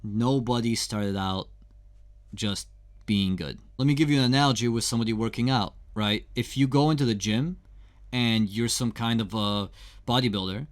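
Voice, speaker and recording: A young man talks his way through a singing lesson with loose, conversational slang. He is candid and easygoing, speaking at an ordinary middle pitch. It sounds like an informal lesson addressed straight to the viewer. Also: normal speed. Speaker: singing teacher.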